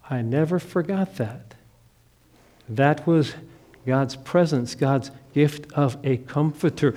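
A middle-aged pastor from the American Upper Midwest preaches a sermon as a personal story, dramatically dropping to a hush and then rising to emphatic lines. His voice is mid-range and unhurried.

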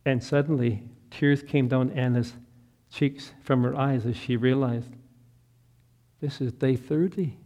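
A middle-aged pastor preaches a sermon, telling a story that rises to loud, impassioned peaks and falls back into soft, quiet prayer. His voice is medium-pitched and unhurried, with fairly even intonation.

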